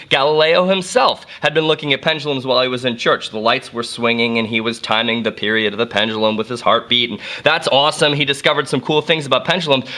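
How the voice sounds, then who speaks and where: A man's voice: on the high side, pushed and bright. Playful man telling a physics lesson. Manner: playful, jokey storytelling with asides. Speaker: physics teacher. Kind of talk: casual video lesson.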